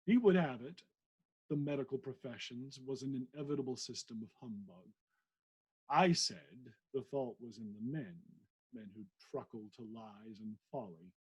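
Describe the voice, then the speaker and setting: A man reading the part of a genial middle-aged country vicar and naturalist, in a wry, teasing manner and a husky voice. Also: medium pitch, a little mellow, rough recording.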